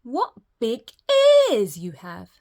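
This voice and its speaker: A woman voicing a sweet young girl, speaking high and wide-eyed. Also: very animated, slow, gravelly, a little mellow, full character voice. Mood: wondering.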